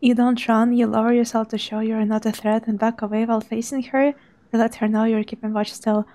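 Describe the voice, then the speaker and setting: A young woman, quietly commentating a live game stream in a hushed, soft voice. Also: fairly high pitch, flat delivery, brisk. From Russia. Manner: hushed, softly spoken to avoid making noise.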